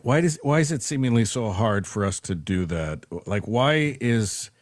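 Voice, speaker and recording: A man's voice: medium pitch, expressive, moderate pace, dry recording. A man hosting a casual interview, reflective and searching for his words, often restarting sentences. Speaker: podcast host.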